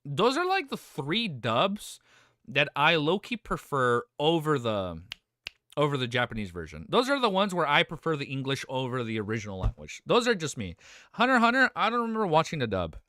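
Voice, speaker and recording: A male streamer chatting excitedly and casually during a live reaction stream, swearing now and then. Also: fairly high pitch, a little fast, no echo, clean studio sound.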